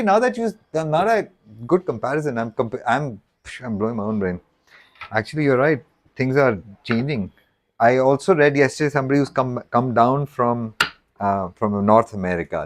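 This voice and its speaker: A man hosting a casual live stream while he cooks, rambling and joking and often cutting himself off mid-sentence. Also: mid-range voice. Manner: rambling, self-interrupting, jokey.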